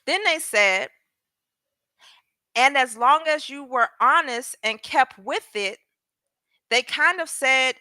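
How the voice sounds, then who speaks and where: A woman's voice: high-pitched, lively intonation, slow pace, long pauses, bright, forceful tone, dry recording. A woman hosting legal commentary, reading a transcript aloud and breaking off to ask viewers pointed questions. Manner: talks straight to viewers, asking pointed questions.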